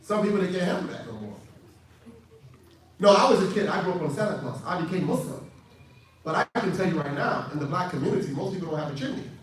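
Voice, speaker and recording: A man preaches to young people in an animated way, acting out dialogue and rising into shouts. His voice sits high and swings widely. He is heard from a distance in a very echoey hall. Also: quick pace, slight background noise. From United States. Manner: animated, acts out dialogue, builds to shouted emphasis. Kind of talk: youth lecture. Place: large hall with audience.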